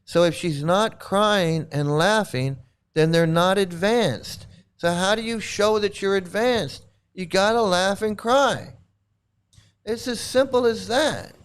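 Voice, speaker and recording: A man's voice: high-pitched, slow pace, clean tone. A man hosting a live commentary stream, mocking and sarcastic as he reacts to chat comments, rambling with frequent restarts. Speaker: channel host.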